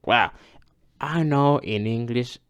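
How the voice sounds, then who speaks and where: Rambling man with a smooth voice. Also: mid-range voice, slow, dry recording. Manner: rambling, self-correcting, repeats vowel sounds. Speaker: language learner teaching viewers. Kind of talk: casual screen-share tutorial.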